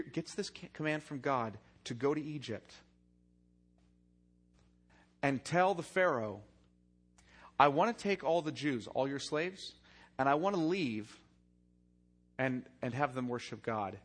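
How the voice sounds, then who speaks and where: A male pastor preaching a sermon, reading scripture and retelling it with dynamic swings from loud emphasis to quiet, hushed lines. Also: a little high.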